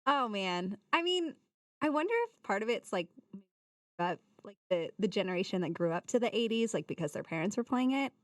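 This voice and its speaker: Rambling woman, lively voice. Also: medium pitch, brisk, dry recording, studio quality, distant mic. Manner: rambling, lots of "like". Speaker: guest, songwriter. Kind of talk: casual chat.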